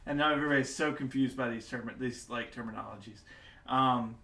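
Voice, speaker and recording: Casual game master, echoey room. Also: male voice, medium pitch, brisk, vocal fry, bright, forceful tone, slight background noise. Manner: casual, full of fillers and asides. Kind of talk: narrating a tabletop game. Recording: echoey home setup.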